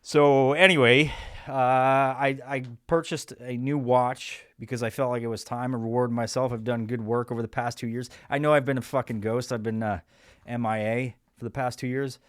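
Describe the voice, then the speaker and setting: With a mid-range voice and fairly even intonation, this podcast host moves at a moderate pace through a rambling, crude, sarcastic comedic bit that keeps restarting. The studio-quality audio has no room sound.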